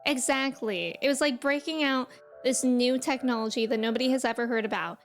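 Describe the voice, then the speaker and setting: A woman's voice: sits high, brisk, soft background music. A young woman from New England, a streamer casually chatting and reminiscing while reading and answering her live chat.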